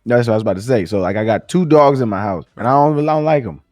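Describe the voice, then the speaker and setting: A man's voice: medium pitch, expressive, darkish tone, soft background music. A man talking casually on a podcast, stumbling and restarting as he works through his thoughts. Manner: halting, restarts often, quotes himself with slangy asides. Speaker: podcast host. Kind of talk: casual chat.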